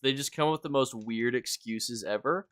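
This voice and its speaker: A man's voice: medium pitch, normal speed, fairly bright tone, clear, resonant tone, dry recording. A young man streaming a game, telling rambling stories in casual chat and answering his viewers. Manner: rambling, filler-heavy storytelling; reads and answers chat while playing.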